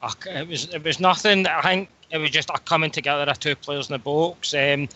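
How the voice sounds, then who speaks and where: A man hosting a casual call-in radio show, talking in a halting way with frequent pauses. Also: fairly high pitch, steady tone, sharp tone. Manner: halting, pauses often mid-sentence. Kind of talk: casual sign-off chat.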